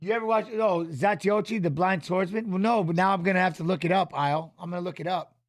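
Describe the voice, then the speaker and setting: A middle-aged man hosting a fight watch-along, animated, coaching the fighters and chatting with viewers. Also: high-pitched, fast talker. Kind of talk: live watch-along commentary and chat reading.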